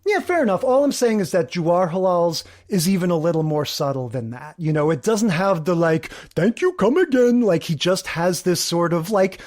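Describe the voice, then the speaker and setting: A man's voice: sits high, lively intonation, moderate pace, hardly any pauses, a little mellow. A man co-hosting a podcast in casual chat, hedging his views with fillers like "you know". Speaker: podcast co-host.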